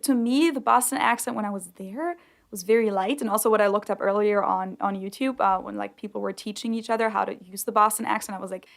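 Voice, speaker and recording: A woman's voice: mid-range voice, quick pace, vocal fry. A young woman, a non-native speaker of English whose first language is German, co-hosting a podcast in a chatty way with many fillers. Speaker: podcast co-host. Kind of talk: casual chat.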